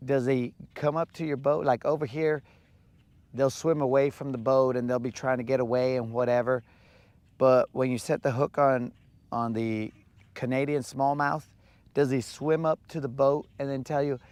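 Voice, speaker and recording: A man's voice: mid-range voice, fairly even intonation, normal speed, a little mellow, dry recording. A man chatting casually and joking with slang while fishing from a boat on a lake. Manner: laid-back, slangy, joking. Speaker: fishing vlogger.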